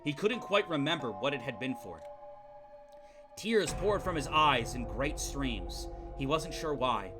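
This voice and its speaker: A young male streamer reading game text aloud in a hushed low voice and breaking off into profane rants at his chat. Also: big pitch swings, measured pace, music in the background.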